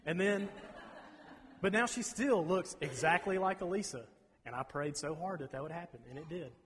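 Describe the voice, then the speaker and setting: A man in his thirties preaching a sermon, folksy and rambling, clearing his throat between asides. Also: on the high side, normal speed, fairly bright tone. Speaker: pastor. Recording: reverberant hall.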